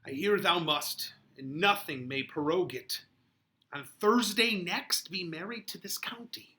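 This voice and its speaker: A kindly older priest speaking in a calm, measured way, read by a man. His tone is bright and fairly high, in a plain classroom reading. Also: full character voice. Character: Friar Lawrence, kindly older male priest.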